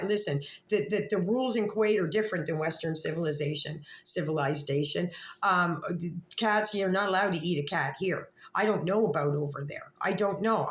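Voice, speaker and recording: A woman's voice: lowish voice, reverberant. A woman vlogger talking straight to the camera in a rambling, confrontational rant, swearing freely.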